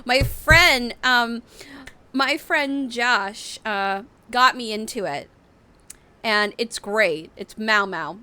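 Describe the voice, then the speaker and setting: A woman's voice: fairly high pitch, lively intonation, measured pace, bright, forceful tone. A young woman streamer chatting casually on a live stream, rambling with lots of fillers. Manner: rambling, full of fillers and restarts. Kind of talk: casual livestream chat.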